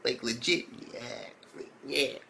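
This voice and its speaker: A man's voice: a little slow, creaky, a little hiss or hum. Rambling, profane young man reviewing anime. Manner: rambling and profane, many fillers; excitable, jumps into high reactions. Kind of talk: casual recap and review.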